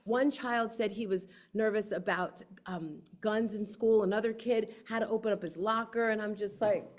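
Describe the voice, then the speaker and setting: A woman hosting her book launch on a livestream, telling lively stories and acting out quotes. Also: mid-range voice, measured pace, hardly any pauses. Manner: lively storyteller, acts out quotes. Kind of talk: casual livestream talk.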